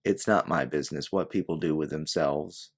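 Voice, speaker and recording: A man's voice: a bass voice, moderate pace. A man voicing a guarded woman private investigator who talks in a wry, blunt, businesslike way. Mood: dry.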